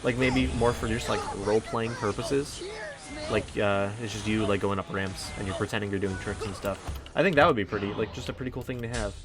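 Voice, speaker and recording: Fairly low-pitched and brisk, this let's play host talks through a casual game session with faint music in the background. He rambles with lots of fillers and restarts and hums along as he goes.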